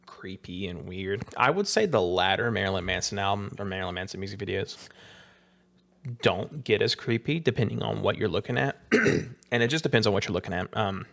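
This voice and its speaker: A man co-hosting a casual podcast chat, hoarse and losing his voice, rambling and hesitant and often clearing his throat. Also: on the low side, expressive, a little fast, a bit bright. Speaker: podcast co-host.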